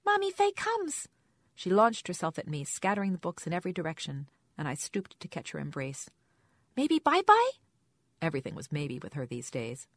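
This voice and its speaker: Low-voiced woman narrating a story. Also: quick pace, hardly any pauses, dry recording, studio quality. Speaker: audiobook narrator. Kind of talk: first-person story narration.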